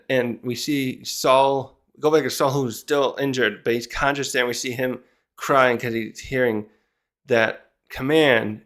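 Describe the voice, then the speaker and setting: A man of ordinary, middle pitch hosts his own review channel. He talks through a comic chapter in loose, casual commentary. He thinks aloud as he goes and circles back on his points. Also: a bit bright. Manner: rambling, thinking aloud as he recaps.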